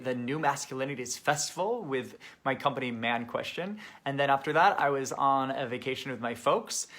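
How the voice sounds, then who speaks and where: A man's voice: fairly high pitch, a bit bright. A man who is a life coach, hosting his own live online show and talking earnestly and reflectively to viewers. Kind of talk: casual direct-to-camera live talk.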